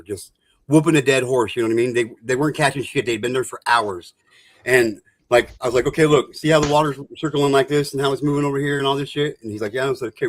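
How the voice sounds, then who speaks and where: A man in casual group chat, telling a boastful fishing story and swearing freely. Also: medium pitch. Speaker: streamer.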